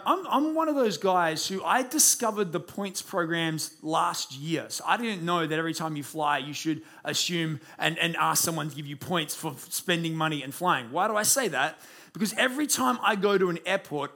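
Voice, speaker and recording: A pastor in his late twenties preaching to a church room. His high voice stays animated and self-deprecating as he tells a story in his sermon. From Australia.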